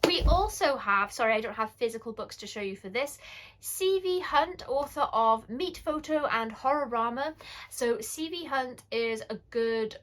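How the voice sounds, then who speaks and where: A British woman in her forties, host of a casual horror book-review vlog, chatty and candid, rambling with quick self-corrections and asides. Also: fairly high pitch, expressive, fairly bright tone. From United Kingdom.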